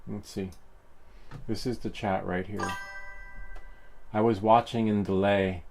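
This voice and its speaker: A man's voice: fairly low pitch, steady tone, slow, gravelly, a little mellow, faint music behind. A man chatting casually with his live-stream viewers, rambling and teasing with many fillers and chuckles. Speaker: live streamer and 3D printing hobbyist.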